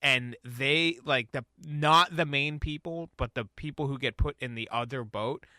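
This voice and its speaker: Give me a bright-toned man rambling loosely through a casual podcast chat, dry sound. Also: medium pitch, measured pace, no echo. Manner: rambling, hesitant, laughs easily. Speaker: podcast co-host.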